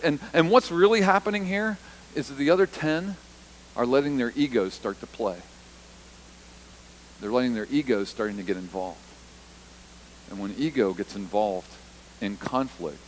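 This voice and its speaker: Slight background noise and poor audio surround a pastor's mid-range male voice as he preaches in church. His delivery is conversational and repetitive for emphasis, and he performs short quoted lines for both Jesus and the disciples.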